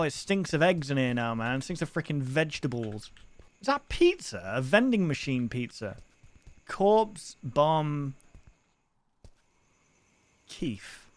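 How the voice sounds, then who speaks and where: A young man streaming a horror game, reacting with crude exclamations and frequent swearing. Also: on the high side. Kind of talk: let's-play commentary.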